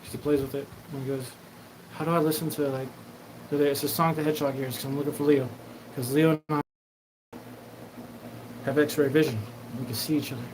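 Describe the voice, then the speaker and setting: A man's voice: mid-range voice, steady tone, fairly quick, pauses often, background noise. A man hosting his own show, talking in a profane, meandering solo monologue and acting out quoted dialogue. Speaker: show host.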